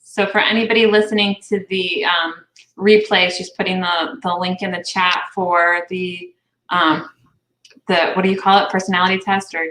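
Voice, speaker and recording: A woman's voice: fairly low pitch, level tone, moderate pace, fairly bright tone. Chatty woman host on a video call. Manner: chatty and affirming. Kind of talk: casual chat. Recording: echoey room.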